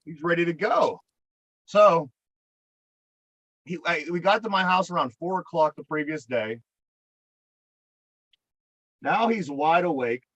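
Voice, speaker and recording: Brief: Pittsburgh guy, fairly high voice, swearing and exasperated, on a dry, dull lo-fi mic. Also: takes it slowly, long pauses, fairly bright tone, no room sound. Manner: profane, exasperated, rambling with restarts. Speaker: podcast co-host. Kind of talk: casual storytelling.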